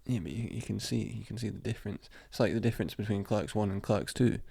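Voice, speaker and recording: A man's voice: lowish voice, fast talker, creaky, warm tone, breathy edge, no echo. A man co-hosting a podcast, laid-back and sweary, calling his friend mate. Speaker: podcast co-host. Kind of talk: casual chat.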